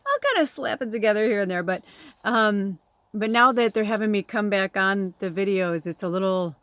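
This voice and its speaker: In a casual spiritual vlog chat, a middle-aged woman who works as a tarot reader and medium rambles, laughs often, swears casually, and gets emotional to the point of nearly crying. Her medium-pitched voice is expressive and fairly bright at a normal pace, recorded dry.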